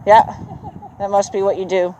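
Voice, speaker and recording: An encouraging horse trainer coaches a student in an outdoor arena and keeps praising the horse. The voice sits at a middle pitch, with a little steady noise underneath. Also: moderate pace, poor audio. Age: adult with children. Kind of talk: coaching a riding lesson.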